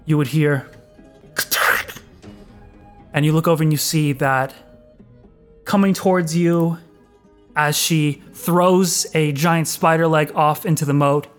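A man narrates a tabletop game as its game master, in an easy storytelling manner. His voice sits a little high for a man. Soft music plays faintly behind him. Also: slow, pauses often.

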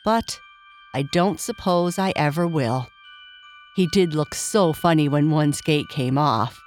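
Storybook toy rocking horse, male, gentle and polite, a woman putting on a raised voice; faint background music. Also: low voice, takes it slowly. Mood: soft. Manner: polite, soft-spoken, thoughtful. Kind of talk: storybook reading.

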